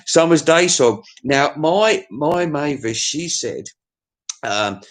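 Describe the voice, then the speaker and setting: A man's voice: on the high side, animated, extremely slow. A man giving a rambling, crude comic monologue, swearing freely and chuckling as he reviews albums.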